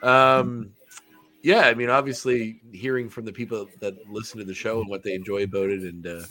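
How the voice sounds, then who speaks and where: A man's voice: on the low side, steady tone, fairly quick, sharp tone, soft background music. A man co-hosting a podcast, chatting casually with jokes and frequent stumbling restarts. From Canada. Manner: joking, self-deprecating, stumbling restarts. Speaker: podcast co-host. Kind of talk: casual chat.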